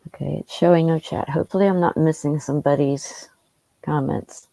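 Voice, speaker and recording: Subdued gravelly woman streaming a puzzle. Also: deep voice, fairly even intonation, brisk, dark tone, dry recording, rough recording. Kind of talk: casual livestream chat while doing a puzzle.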